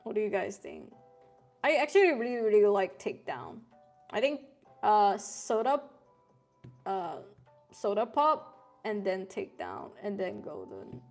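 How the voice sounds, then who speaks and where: A woman's voice: medium pitch, very animated, unhurried, pauses often, darkish tone, soft background music. A woman in her thirties, streaming and chatting casually with her viewers and laughing often. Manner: chatty, laughs often, reads chat aloud. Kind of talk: casual live-stream chat.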